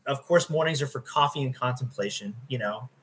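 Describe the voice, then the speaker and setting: A man's voice: medium pitch, a little fast, a little hiss or hum. A man who used to be a dispatcher, talking in casual chat and telling stories eagerly, jumping into the conversation. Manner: lively storytelling, jumps in eagerly. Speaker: former dispatcher co-host.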